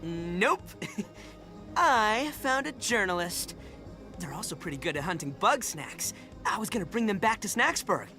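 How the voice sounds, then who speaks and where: A woman's voice: medium pitch, expressive, a little slow, close to an everyday voice. A woman voicing a cheerful, clumsy male critter pal in a video game, chirpy and giggly. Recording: game music behind.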